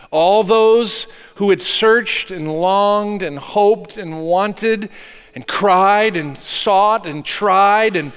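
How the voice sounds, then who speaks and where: A man preaching a sermon as pastor, earnest, swinging from hushed to emphatic. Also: sits high, clear, resonant tone, big-room sound.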